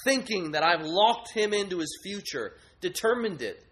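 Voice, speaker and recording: A man's voice: sits high, sing-song, moderate pace, fairly bright tone, slight background noise, voice pushed up, rough recording. A man preaching voices a lofty, self-important idol of grades and achievement. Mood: haughty. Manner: haughty, boastful.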